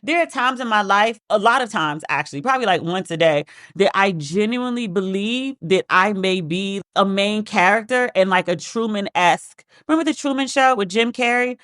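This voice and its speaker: Woman podcast host, casual storyteller, mid-pitched, close and dry. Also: normal speed, hardly any pauses, no room sound. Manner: chatty, animated storyteller acting out quoted voices.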